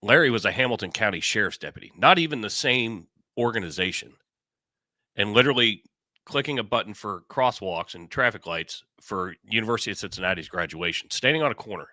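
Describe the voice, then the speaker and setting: A man with a low but very bright, sharp-edged voice co-hosts a casual talk show. He is blunt, backs up his partner and swears freely, recorded close and dry. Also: expressive, a little fast, no echo. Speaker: podcast co-host. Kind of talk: casual opinion chat.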